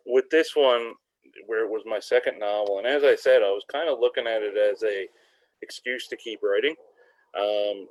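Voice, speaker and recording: A man's voice: on the low side, dry recording, rough recording. A man, an author, reading from his fantasy novel and then answering questions with frequent ums over a video call. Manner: hesitant with many ums when speaking freely.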